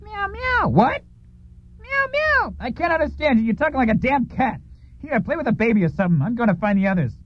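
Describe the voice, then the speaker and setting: A man playing a fussy, squeaky studio boss. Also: big pitch swings, fairly quick, full character voice. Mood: baffled. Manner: exasperated, wheedling. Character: flustered male studio boss, fussy and exasperated. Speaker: studio owner. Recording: dull lo-fi recording.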